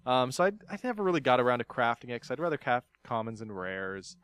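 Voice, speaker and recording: A man's voice: medium pitch, sing-song, quick pace, a bit bright, clean tone, dry recording. A man hosting a casual podcast, playful and teasing, laughing often as he chats with his guest. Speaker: podcast host.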